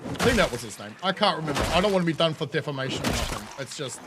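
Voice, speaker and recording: Kiwi guy streaming, high voice, swears and laughs a lot, noisy background. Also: expressive, racing. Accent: New Zealand. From New Zealand. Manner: laughing, swearing, ranting to chat. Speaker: game streamer. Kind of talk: casual live-stream chat.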